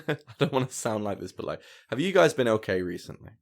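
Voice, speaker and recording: Low gravelly guy, chill and low-key, swears casually. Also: big pitch swings, brisk. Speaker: guest. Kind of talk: casual podcast chat.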